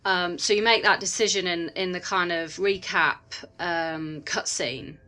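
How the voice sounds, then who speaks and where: A woman's voice: fairly low pitch, fairly even intonation, unhurried, sharp tone. A woman reviewing a game in a casual video chat, her voice stuffy and nasal from a cold, talking chattily with lots of fillers.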